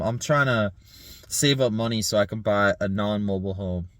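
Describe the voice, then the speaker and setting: A man in his thirties rambling in a casual vlog monologue, laughing often, swearing and filling pauses with "like" and "um". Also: lowish voice, fairly bright tone, no room sound. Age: 30s. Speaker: vlogger.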